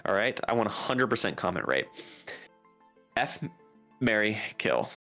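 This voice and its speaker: A man's voice: fairly low pitch, big pitch swings, measured pace, bright, forceful tone, faint music behind. A man co-hosting a casual gaming podcast, stating his opinions plainly and firmly. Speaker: co-host.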